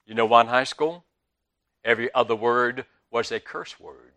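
An older man with a Southern US accent preaching a sermon, telling stories with big swings between loud and soft. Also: medium pitch, moderate pace. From Southern United States. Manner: animated storytelling with big swings in loudness.

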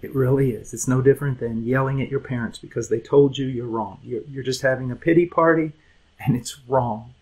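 A man's voice: mid-range voice, fairly even intonation, brisk, a little mellow, breathy edge, poor audio. A man teaching a conversational Bible lesson to young people, earnest and emphatic, often repeating words, chuckling, and asking his listeners direct questions.

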